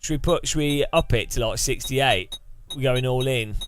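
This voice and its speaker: A man's voice: medium pitch, moderate pace, soft background music. A man giving casual, sardonic commentary over a game he is playing, muttering asides at a desk mic. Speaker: gaming YouTuber.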